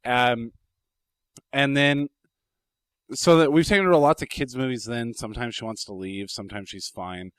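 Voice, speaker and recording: A man's voice: mid-range voice, normal speed, pauses often, clean tone, no room sound. A man co-hosting a podcast in casual chat, blunt, swearing casually and telling stories. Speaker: podcast co-host.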